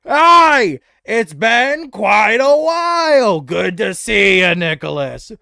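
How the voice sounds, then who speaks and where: A man voicing a hearty, jovial male guide with a booming, cheerful delivery. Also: big pitch swings, slow pace, creaky, bright, forceful tone, no echo, clean studio sound, exaggerated voice. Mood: hearty greeting.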